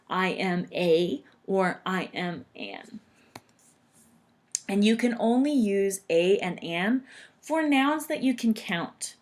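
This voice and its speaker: A woman teaching English grammar, patiently repeating example sentences slowly and deliberately. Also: medium pitch. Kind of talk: explaining grammar to learners.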